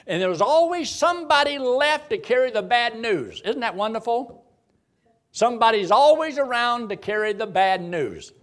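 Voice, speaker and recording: Animated folksy preacher, high-pitched man. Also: normal speed. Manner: dramatic, folksy, rhetorical questions. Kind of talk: sermon.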